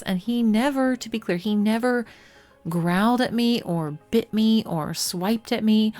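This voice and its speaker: A woman telling stories about her cat in a casual vlog, animated and often laughing, with quoted lines in a much higher voice. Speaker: pyrography artist and video host.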